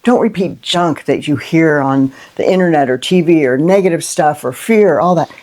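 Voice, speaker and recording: A middle-aged woman hosting a Christian inspirational video, talking unscripted and from the heart, with lively rhetorical questions and frequent "right?". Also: sits low, moderate pace. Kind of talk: unscripted heartfelt monologue to camera.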